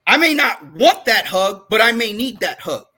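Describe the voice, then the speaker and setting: A man's voice: high-pitched, big pitch swings, normal speed. A man co-hosting a podcast, talking earnestly and emphatically in casual discussion. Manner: earnest, emphatic, gets loud and fired up. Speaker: podcast co-host.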